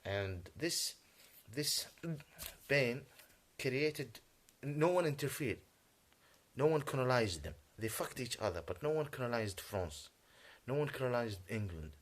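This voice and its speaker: A native Arabic-speaking man delivering a rambling, agitated monologue in English, halting often and clearing his throat. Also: medium pitch, lively intonation. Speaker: vlogger.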